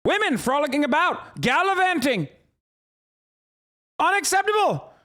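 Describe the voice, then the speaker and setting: A man's voice: very animated, measured pace, bright, forceful tone, heavily acted. A man voicing a pompous, old-fashioned male moralist with a transatlantic accent, scandalized by dancing. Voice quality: high theatrical pitch, pompous.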